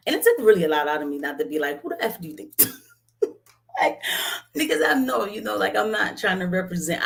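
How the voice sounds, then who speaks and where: Animated woman retelling an argument. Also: on the low side. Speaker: registered nurse and vlogger. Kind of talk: casual storytelling vlog. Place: outdoors in the heat.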